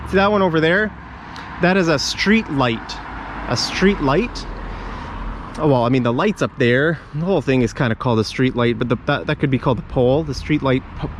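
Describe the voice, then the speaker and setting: Walking along residential streets with a handheld camera, an English teacher with a high-pitched voice delivers a rambling, off-the-cuff vocabulary lesson. The background is noisy.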